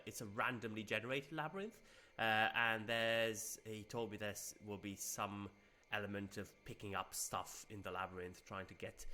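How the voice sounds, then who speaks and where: A young man chats through a live game stream, cheerful and easygoing, laughing often between remarks. His voice is bright, with a crisp edge. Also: lowish voice. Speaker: game streamer, community host. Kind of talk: casual live-stream commentary.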